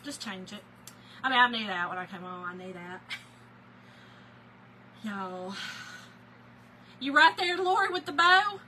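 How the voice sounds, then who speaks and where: A woman's voice: medium pitch, animated, unhurried, long pauses, sharp tone, slight background noise, low-quality recording. A woman with a Southern US accent, chatting casually on a live stream as she crafts and greets viewers by name. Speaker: livestream crafter.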